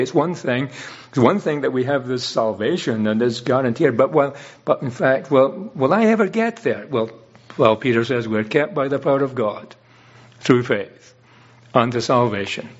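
A man with a slightly husky, mid-pitched voice delivers an earnest sermon. He explains through illustrations, often stumbling and restarting his phrases. The recording is dull and lo-fi. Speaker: preacher.

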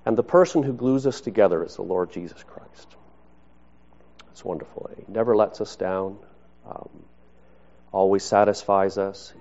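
A man preaching to his congregation in a conversational, unhurried way, with rhetorical asides. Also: lowish voice, mellow, dull audio. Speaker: pastor. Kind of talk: sermon.

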